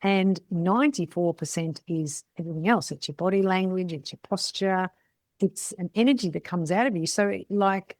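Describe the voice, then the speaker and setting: A middle-aged woman mentors salon owners in casual, blunt, chatty coaching, often ending points with "right?". Her fairly low, darkish voice moves at normal speed in a dry recording.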